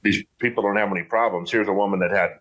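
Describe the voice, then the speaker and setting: Low-voiced man chatting casually. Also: steady tone, quick pace, a bit bright, muffled recording. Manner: rambling, folksy, many restarts. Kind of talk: casual chat.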